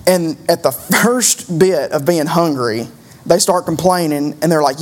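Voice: medium pitch, lively intonation, moderate pace. A preacher giving a conversational sermon, driving points home with rhetorical questions and repeated phrases.

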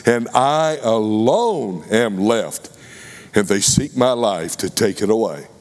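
A man's voice: lowish voice, expressive, slow, a little mellow. Brief: male preacher reading as a lonely, aggrieved male prophet, indignant.

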